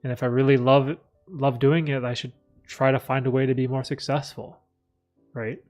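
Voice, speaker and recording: A man hosting a live stream, chatting candidly in a rambling, reflective way with many fillers, often clearing his throat. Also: medium pitch, flat delivery, moderate pace, a little mellow, faint music behind. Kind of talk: casual live stream chat, reading chat.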